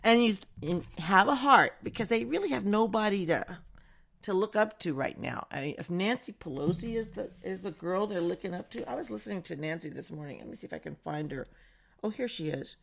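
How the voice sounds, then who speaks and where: A woman's voice: medium pitch, lively intonation, a little fast, creaky, fairly bright tone. A woman from the United States hosting a casual political opinion monologue, chatty and sarcastic, laughing often. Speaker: political commentary host.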